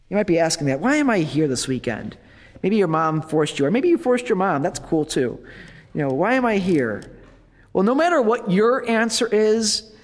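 A priest giving a retreat talk in a relaxed, conversational way, with playful asides to his listeners. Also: a little high. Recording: long hall reverb.

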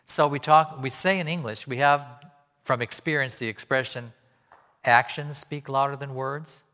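A man's voice: mid-range voice, fairly even intonation, normal speed, pushed and bright. A man preaching a sermon, telling stories and acting out the voices of the people he quotes. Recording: long hall reverb.

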